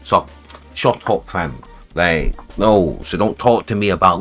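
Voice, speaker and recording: A music producer livestreams from his home studio, launching into a heated, sweary, repetitive rant. His voice sits low and comes across expressive, a little slow and slightly bright, with faint music playing behind him.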